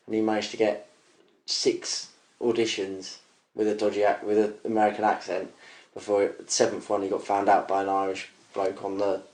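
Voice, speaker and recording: A man's voice: lowish voice, completely flat delivery, normal speed, darkish tone. A man co-hosting a casual film podcast, telling anecdotes dryly. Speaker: podcast co-host. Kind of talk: casual film review chat. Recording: roomy echo.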